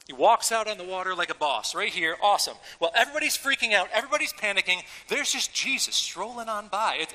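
Bright-voiced pastor preaching in a hall. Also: male voice, high-pitched. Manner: conversational, animated preaching with casual slang. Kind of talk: sermon. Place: church.

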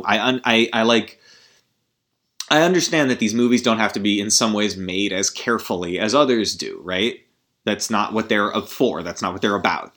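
This podcast host speaks with a mid-range, fairly bright male voice while ranting about a film. His casual review rambles and sounds exasperated, peppered with swearing, frequent restarts, and side comments.

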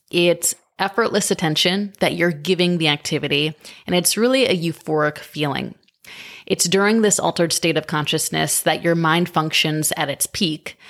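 A woman with a lowish voice hosts the conversation. She reacts with enthusiasm and asks reflective questions, then reads a prepared passage at an even pace. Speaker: podcast host. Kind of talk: interview questions and scripted reading.

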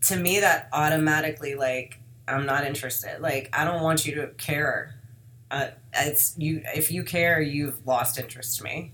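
A woman's voice: low voice, moderate pace, a bit bright, a little hiss or hum. A woman hosting a podcast, chatting casually and animatedly, with plenty of swearing and acted-out quotes. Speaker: podcast host. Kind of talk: casual true-crime chat.

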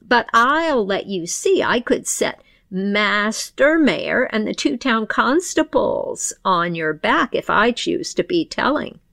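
A woman's voice: medium pitch, sing-song, slow pace, vocal fry, fairly bright tone, dry recording, full character voice. A woman playing a bold old village dame. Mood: bold taunting.

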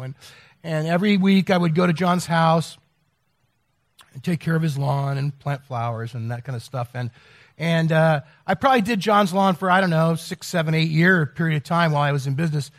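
A man's voice: on the high side, a little fast. A middle-aged man preaching a sermon as pastor, telling a story with many restarts and repeated words. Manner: rambling, self-interrupting storyteller.

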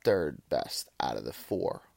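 A man's voice: a bass voice, big pitch swings, takes it slowly, creaky, darkish tone, no room sound. A man hosting a podcast, reviewing a film in a loose, rambling monologue full of swearing and restarts. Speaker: podcast host.

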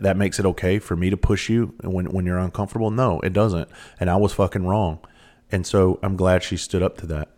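A man's voice: low-pitched, darkish tone. A man in his thirties telling candid personal stories in a casual, rambling monologue, swearing freely.

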